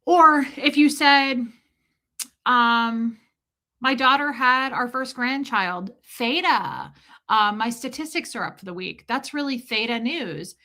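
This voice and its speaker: A woman's voice: sits high, normal speed, hardly any pauses. A middle-aged woman from the United States hosting a casual livestream, telling stories animatedly and greeting viewers from chat. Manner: chatty, animated storytelling, reads chat comments aloud. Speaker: livestream host.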